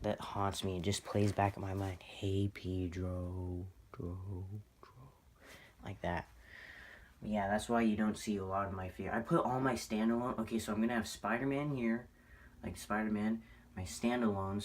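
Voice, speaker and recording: A man vlogging about his toy collection, rambling and excitable, poking fun at his own spending. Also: fairly low pitch, fairly quick. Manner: excitable, rambling, self-mocking. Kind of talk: casual rambling vlog.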